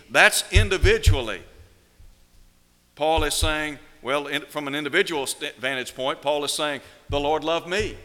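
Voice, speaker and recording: A man preaching a sermon, asking rhetorical questions and slowing down to stress key words. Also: a little high, bright, forceful tone, in a large hall. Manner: measured preaching, slows down for emphasis, rhetorical questions.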